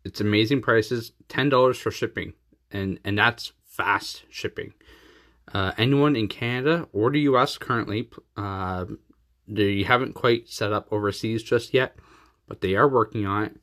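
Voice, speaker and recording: A man's voice: lowish voice, moderate pace, a bit bright. A man hosting a podcast, recapping an episode in a rambling, joking way and laughing often. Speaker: podcast host. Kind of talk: casual episode recap and sponsor read.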